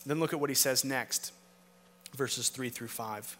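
A man preaching a sermon as pastor, with emphatic rhetorical questions, rising loud and then dropping to a hush. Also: mid-range voice, animated, slow pace, long pauses, slight background noise. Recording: long reverb of a large hall.

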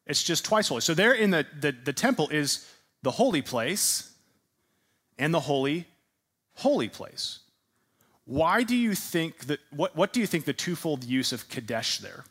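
A man's voice: medium pitch, a bit bright. Man teaching a sermon, questioning listeners. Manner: asks the audience questions and repeats their answers; emphatic, leans into repeated words. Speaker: pastor teaching a class.

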